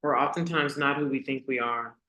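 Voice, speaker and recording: Woman host, casual motivational talk, rhetorical questions, crisp bright voice, echoey room. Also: extremely low pitch, fairly even intonation. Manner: conversational, asks the audience rhetorical questions; repeats key lines slowly for emphasis.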